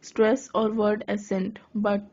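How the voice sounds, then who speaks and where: A woman giving a lesson on writing poetry, reading her notes aloud haltingly and correcting herself as she goes. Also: medium pitch, level tone, darkish tone. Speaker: lecturer. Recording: dull lo-fi recording.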